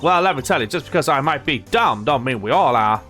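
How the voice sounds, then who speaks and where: A man voicing a brash Southern country woman photographer in a put-on US Southern drawl, loud and folksy. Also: mid-range voice, expressive, a little fast, faint music behind.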